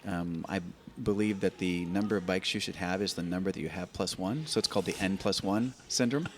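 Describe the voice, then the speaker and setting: A man in his fifties, a podcast guest, telling stories in an animated way, often repeating and restarting words. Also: deep voice, brisk. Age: 50s. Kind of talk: conversational storytelling. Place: open-air bike and coffee shop in a garage.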